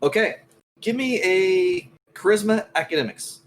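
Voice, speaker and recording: A man narrating a tabletop game as game master, calmly describing scenes. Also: sits high, unhurried, a little hiss or hum, low-quality recording.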